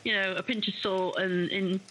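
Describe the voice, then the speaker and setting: A woman co-hosting a relaxed talk show, her voice bright at a middle pitch. She chats easily and calls her partner darling. A faint noise runs in the background. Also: normal speed, poor audio. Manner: chatty and warm-hearted, says darling often. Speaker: co-host. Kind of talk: casual radio chat.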